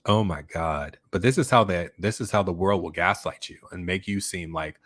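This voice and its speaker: A man's voice: deep voice, moderate pace, few pauses, a bit bright, dry recording. A man hosting a casual livestream chat, rambling with many fillers and restarts as he reads viewer comments. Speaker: YouTube channel host.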